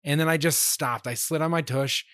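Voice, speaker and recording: A man's voice: on the high side, fairly even intonation, moderate pace, fairly bright tone, clear, resonant tone, no room sound. A man on a casual podcast telling stories about himself in a wry, self-deprecating way. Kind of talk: casual chat.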